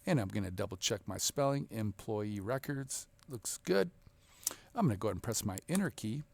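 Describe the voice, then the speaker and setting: Guy walking thru a spreadsheet lesson, kinda gravelly, dry close sound, cheery. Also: lowish voice, animated, quick pace, darkish tone, no echo. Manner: upbeat, encouraging, step-by-step. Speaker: instructor. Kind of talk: screen-recorded software walkthrough.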